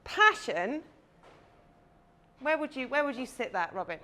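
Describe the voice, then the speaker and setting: A woman's voice: high voice, big pitch swings, a little slow, long pauses, pushed and bright. A woman, a confidence coach giving a chatty, playful talk to a live audience on stage.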